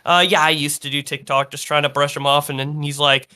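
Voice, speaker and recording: A man's voice: a little high, steady tone, a little fast, pushed and bright. A man co-hosting a podcast, recounting a story in casual chat with hesitant fillers and quoted voices. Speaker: podcast co-host.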